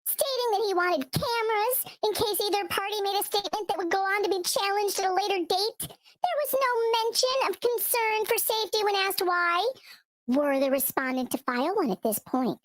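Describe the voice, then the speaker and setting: Someone putting on a squeaky, prim lady voice reading legal papers, way up high, dry and close. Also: moderate pace, no room sound. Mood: mock-prim.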